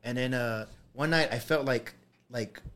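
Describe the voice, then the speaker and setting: Speaking at a measured pace, a young podcast co-host with a medium-pitched, slightly bright voice recounts a personal ghost story. He wanders off track a lot, swearing and using plenty of fillers.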